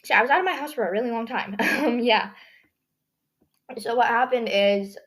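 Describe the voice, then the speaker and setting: A woman's voice: on the high side, normal speed, fairly bright tone. A teenage girl hosting her own podcast, chatting casually with a dry, scratchy throat and rambling with lots of "like" in every sentence. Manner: chatty, rambling, heavy use of "like". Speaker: podcast host. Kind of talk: casual solo podcast chat.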